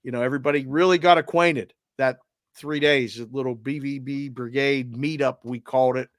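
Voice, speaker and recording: A man's voice: mid-range voice, fairly even intonation, normal speed, dry recording, clean studio sound. A man co-hosting a sports betting podcast, talking earnestly and reading listener messages aloud in casual chat.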